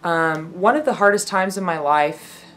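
A woman's voice: on the low side, a little slow, fairly bright tone. A young woman vlogger chatting casually to camera, effusive and rambling, with lots of fillers and restarts. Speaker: vlogger answering viewer questions.

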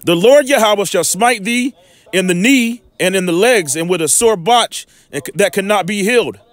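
Guy teaching from the bible, high voice that jumps all over, keeps throwing in "all right?", dry close sound. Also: lively intonation, moderate pace, no room sound. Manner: emphatic, peppers reading with rhetorical checks. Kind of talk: informal scripture teaching.

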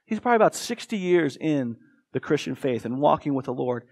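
A man's voice: a little high, lively intonation, a little fast, a little mellow. Earnest American man preaching a sermon. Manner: earnest, emphatic, with dramatic quoted voices. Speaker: pastor.

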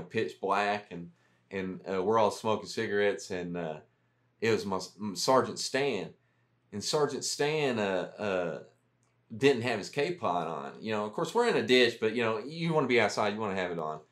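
A man's voice: lowish voice, moderate pace, a bit bright. Folksy veteran man telling a story. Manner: rambling, folksy, lots of "uh" and "you know". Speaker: guest, army veteran. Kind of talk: casual podcast storytelling.

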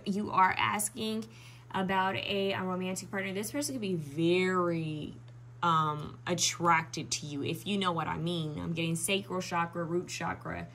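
A young woman gives a pick-a-card tarot reading, thinking out loud with frequent restarts and ums. Her medium-pitched voice sounds pushed and bright, with slight background noise.

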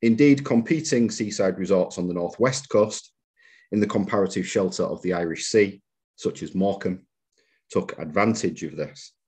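Man, history lecture, husky, lowish voice, measured delivery. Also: darkish tone. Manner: measured, reads out quotations, occasional fillers. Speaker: museum lecturer. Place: lecture room.

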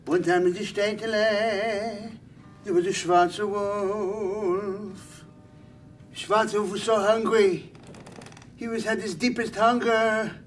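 A man doing an impression of a famous singing rabbi, telling a comic story in a slow, dreamy, sing-song voice with Yiddish words. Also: sits high, steady tone, recorded from a distance, soft background music. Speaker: comedian. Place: live event.

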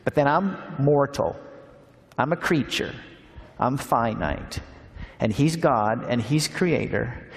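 A man giving a sermon at a seminar, telling stories and slowing down on key phrases. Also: medium pitch, expressive, gravelly. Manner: warm storytelling, slows for emphasis. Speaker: speaker at a Christian seminar. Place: large hall. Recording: long hall reverb.

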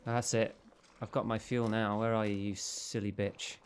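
A man's voice: on the low side, little pitch movement, normal speed, a little hiss or hum. A man giving horror let's play commentary, jumpy and panicky, with frequent swearing and sudden outbursts. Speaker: gameplay channel host.

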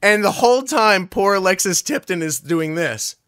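A man, a guest voice actor, telling a story in a casual interview, animated and swearing freely. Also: high-pitched, normal speed, no room sound, clean studio sound.

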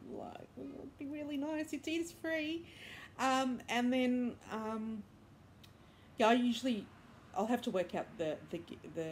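A woman's voice: medium pitch, slight background noise. A woman hosting a knitting podcast, chatting casually and rambling with many fillers and restarts. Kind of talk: casual chat. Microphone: iPad.

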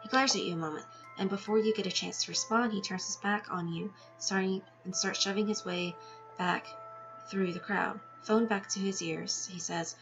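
A woman's voice: mid-range voice, steady tone, normal speed. A woman reading a text game aloud with her own asides, now and then tripping over words and laughing at herself. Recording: dull lo-fi sound with music behind.

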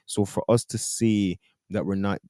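A Jamaican man with a deep, mellow voice, talking things through to camera in a casual, earnest way. He reasons out his point and pushes back on critics. The sound is close and dry, with no room around it. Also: fairly even intonation, a little slow, no echo. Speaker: video commentator.

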